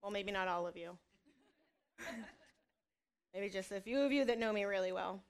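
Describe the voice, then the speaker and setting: A mother in her thirties gives a candid personal testimony, speaking earnestly about faith and family and making self-deprecating asides. Her voice is mid-range, and she talks a little slowly.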